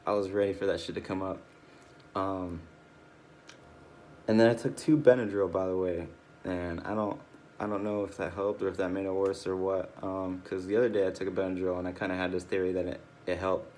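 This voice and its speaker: A man's voice: sits low, flat delivery, brisk, a little mellow, slight background noise. A tired, drowsy man rambling through a casual personal video log, swearing often and losing his train of thought. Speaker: video diarist.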